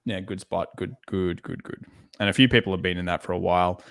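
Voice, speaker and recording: A man co-hosting a live trading show, talking through charts in a relaxed way and repeating words for emphasis. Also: sits low, a little fast, vocal fry. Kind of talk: live market analysis chat.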